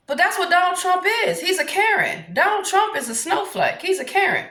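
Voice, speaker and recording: Brash Southern woman ranting, lively pitch. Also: a little fast, hardly any pauses. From New Orleans, USA. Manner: brash, profane and combative. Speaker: vlogger. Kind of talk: ranting monologue to camera. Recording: roomy echo.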